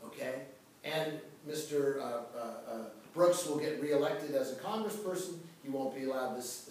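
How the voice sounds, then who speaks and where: Animated male teacher in an echoey classroom. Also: on the high side. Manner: animated, dramatic, jokey asides. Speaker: history teacher. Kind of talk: classroom lecture. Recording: echoey room, voice from far off.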